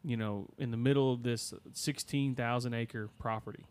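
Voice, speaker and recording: A podcast co-host with a medium-pitched, slightly mellow voice casually recounts a listener's spooky story at a moderate pace. His intonation is fairly even, and he uses many fillers and restarts.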